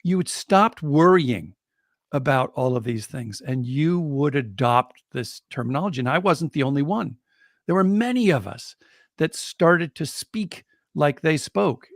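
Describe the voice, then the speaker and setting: A man's voice: medium pitch, creaky, no echo, studio quality. A man co-hosting a podcast, telling a reflective personal story in a conversational way. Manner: reflective, animated when quoting others.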